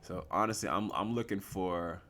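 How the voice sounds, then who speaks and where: A young man giving casual live commentary on his forex trades, slangy and relaxed, asking and answering his own questions. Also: sits low, normal speed.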